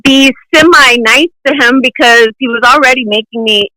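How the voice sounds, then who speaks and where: A woman's voice: on the high side, moderate pace, pushed and bright, no echo, rough recording. A young woman, a guest in an interview, telling a personal story in long runs and acting out the lines people said to her. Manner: talks in long runs, acts out quoted lines, gives short nervous laughs. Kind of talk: emotional personal account in an interview.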